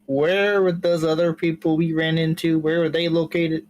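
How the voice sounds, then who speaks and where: A player in a tabletop role-playing game, speaking slowly and deliberately about a goblin character's feelings. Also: medium pitch, little pitch movement, a little mellow, rough recording. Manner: slow and deliberate.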